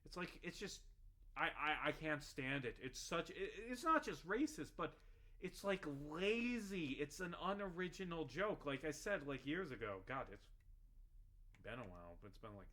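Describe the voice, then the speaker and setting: A man's voice: fairly high pitch, big pitch swings, normal speed, pushed and bright. A man ranting in casual commentary while playing a game, rambling and profane, heavy on fillers. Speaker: gaming vlogger.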